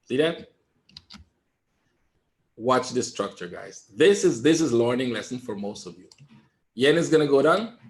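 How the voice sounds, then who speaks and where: A man giving live trading commentary in a webinar, calm and reassuring, repeating his points and often asking "right?". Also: mid-range voice, unhurried, long pauses. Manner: emphatic, talks straight to viewers. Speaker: trader teaching a webinar.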